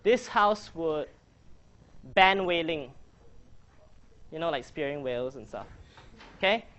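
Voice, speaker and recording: A man's voice: a little high, lively intonation, slow pace, a bit bright. A man coaching a debating workshop, chatty and joking as he quizzes his audience. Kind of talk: casual workshop presentation.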